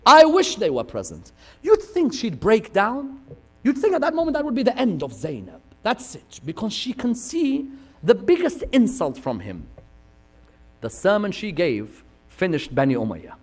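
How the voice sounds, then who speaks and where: Pitched high, with huge swings in pitch, a man preaches an impassioned sermon at normal speed. He shifts between loud cries and hushed asides and keeps posing rhetorical questions.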